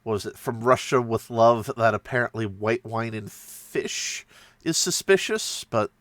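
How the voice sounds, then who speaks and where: A man's voice: mid-range voice, unhurried, no echo. A man casually retelling a tabletop game session, rambling and self-mocking with frequent laughs. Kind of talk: casual storytelling.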